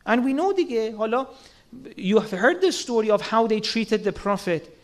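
High-voiced man preaching earnestly. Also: animated, moderate pace. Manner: earnest, asks rhetorical questions and acts out quotes. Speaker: religious speaker. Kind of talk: sermon.

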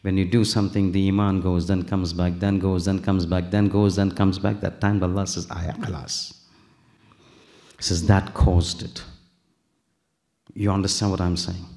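A man's voice: sits low, level tone, moderate pace, warm tone. A man preaching a sermon, telling a story with acted dialogue, rising to emphatic peaks.

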